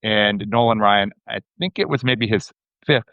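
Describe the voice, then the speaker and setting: A man's voice: lowish voice, moderate pace, no echo. A man hosting a podcast, telling a rambling story before asking his interview question. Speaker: podcast host. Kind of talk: casual interview chat. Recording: slightly muffled, dry.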